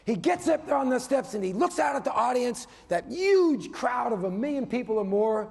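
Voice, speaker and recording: A man giving a motivational keynote as a business coach, animated, swinging between loud emphasis and hushed asides, often tagging points with "okay?". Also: very high voice, moderate pace, vocal fry, hardly any pauses, slightly rough. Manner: tags points with a questioning "okay?". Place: conference hall before a live audience. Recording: long reverb of a large hall.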